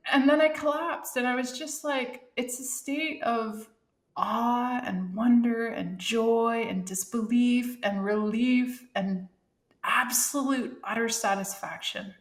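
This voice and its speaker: A middle-aged woman, a former Olympic athlete, telling animated stories in a casual podcast interview, laughing often. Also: on the high side, slow, roomy sound.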